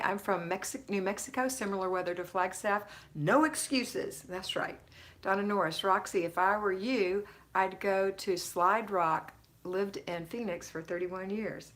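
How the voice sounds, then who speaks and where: A woman's voice: lowish voice, fairly bright tone. Friendly woman chatting on a live stream. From Florida, United States. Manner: friendly, greets viewers by name, laughs often. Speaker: host of a home-organizing live stream. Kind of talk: casual live-stream chat reading comments.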